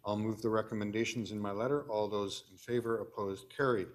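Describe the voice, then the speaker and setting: A man with a Canadian accent chairing a council meeting, reading agenda items and motions in a brisk, dry procedural way. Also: lowish voice, fairly even intonation. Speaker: committee chair.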